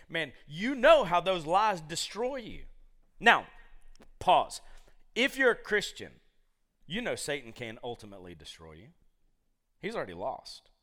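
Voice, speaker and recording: A male preacher in a sermon to a live congregation, his voice sitting fairly high and swinging widely up and down. He tells stories in a jokey way, peppered with asides. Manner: animated, jokey storytelling with many asides.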